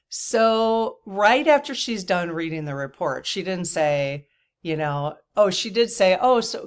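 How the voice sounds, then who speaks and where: A woman in her fifties telling a personal story in a casual vlog, animated and exasperated, acting out quoted dialogue. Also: sits low. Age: 50s. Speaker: channel host.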